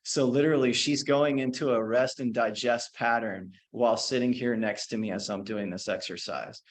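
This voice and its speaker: A man, teaching as a qigong instructor, telling a story and then talking listeners through a slow guided meditation. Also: medium pitch. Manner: relaxed, anecdotal, slows down for meditation cues.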